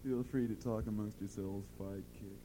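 A man's voice: lowish voice, steady tone, normal speed, background noise. A man on a live stage telling a long folksy joke in a drawling, rambling way, full of fillers and repeats. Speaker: stage performer.

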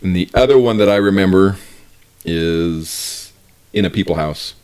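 A woman with an extremely low voice takes part in relaxed conversation. She speaks in short, agreeable prompts that keep the talk moving. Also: measured pace, clean tone. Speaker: conversation partner. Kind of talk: casual chat.

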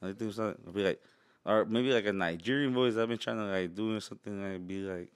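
A man's voice: fairly low pitch, quick pace, clean tone, dry recording, clean studio sound. A man chatting casually as a podcast guest, laid-back, swearing and laughing often. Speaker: podcast guest, truck brand owner. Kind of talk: casual chat.

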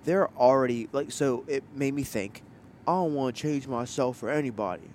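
A man's voice: mid-range voice, a little fast, a little mellow, slight background noise. Joking young man chatting in a car. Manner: playful, joking, lots of laughter and slang. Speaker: podcast host. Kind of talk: casual chat. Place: moving car.

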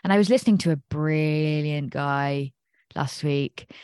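A woman's voice: low-pitched, measured pace, a little mellow, clear, resonant tone, no echo, studio quality. An English woman hosting an astrology podcast, talking in a chatty, digressive way and laughing at herself. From England. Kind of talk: casual rambling monologue.

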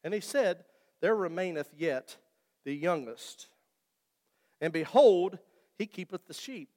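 A man's voice: high-pitched, expressive, slow pace, a little mellow. A man preaching a sermon in a church, talking to the congregation in a conversational way and joking with them. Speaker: pastor. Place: church sanctuary. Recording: long reverb of a church hall.

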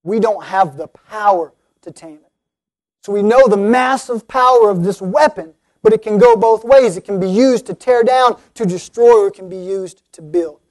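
A man's voice: high-pitched, normal speed. A man preaching an earnest sermon, speaking directly to his listeners and rising to emphatic appeals.

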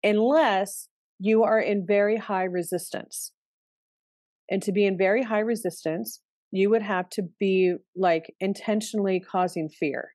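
A middle-aged woman astrologer talks in a candid, loose conversational way and swears casually. The voice sits at an ordinary pitch, and the recording is dry and close with little room sound. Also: steady tone, unhurried, a little mellow, no echo. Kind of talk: casual spoken astrology talk.

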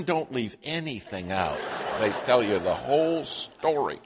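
A male preacher telling a story in a sermon, in an animated, humorous way. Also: medium pitch, a little slow, hardly any pauses, crowd noise.

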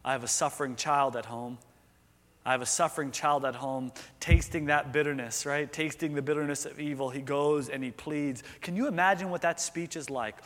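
A man's voice: fairly high pitch, brisk, hardly any pauses. Earnest preacher man in a reverberant hall. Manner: earnest, conversational, rhetorical questions. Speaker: pastor. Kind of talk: sermon.

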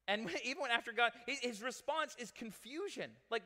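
A man's voice: sits high, fairly quick. A male pastor preaching a sermon in a casual, joking, conversational way. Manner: conversational, animated, joking with the audience. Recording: long reverb in a large hall.

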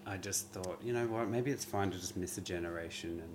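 A man's voice: deep voice, brisk, slight background noise. A man hosting a casual podcast chat, playful and goofy, often laughing.

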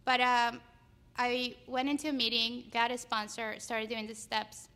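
A young woman sharing her recovery story at a meeting, halting and emotional, close to tears. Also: on the high side, flat delivery, pushed and bright. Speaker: short speaker at a recovery meeting. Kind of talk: personal recovery share.

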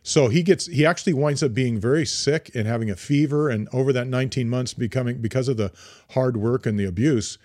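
A podcast co-host casually retells history, rambling with many fillers and restarts. His mid-range voice is darkish and a little fast, captured in clean studio sound with no echo.

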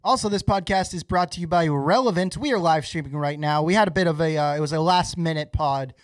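A man hosting a podcast, reading sponsor spots in a relaxed, halting way with many fillers. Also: on the high side, no room sound, studio quality. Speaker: podcast host. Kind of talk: casual podcast ad read.

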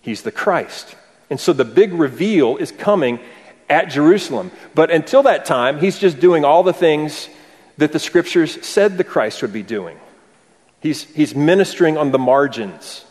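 A man's voice: fairly high pitch, animated, measured pace, darkish tone. A man preaching an expository sermon, asking rhetorical questions and adding dry humor. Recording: long hall reverb.

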